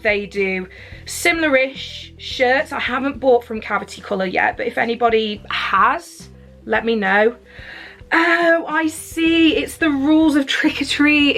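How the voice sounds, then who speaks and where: A woman's voice: on the high side, fairly bright tone. A woman vlogger from the UK chatting enthusiastically through a clothing unboxing at home, rambling with fillers and a little out of breath. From United Kingdom. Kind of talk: casual unboxing chat.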